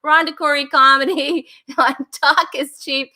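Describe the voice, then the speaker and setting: A woman's voice: sits high, steady tone, unhurried, pushed and bright. A woman hosting a live online comedy talk show, chatting casually and laughing often. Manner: giggly and bubbly, laughs often. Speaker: host.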